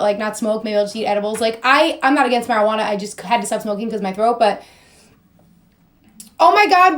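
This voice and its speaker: A young woman with a slightly high voice chats casually through a live stream while doing her makeup. She rambles and goofs around, slips into sing-song phrasing and laughs often. Her voice sounds a little strained. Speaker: model and influencer.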